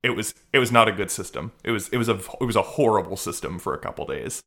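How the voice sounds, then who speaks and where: Bright-voiced man hosting a podcast. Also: on the low side, animated, fast talker, vocal fry. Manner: rambling, repeats words when starting sentences. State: voice still off after illness. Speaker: podcast host. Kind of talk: casual podcast chat.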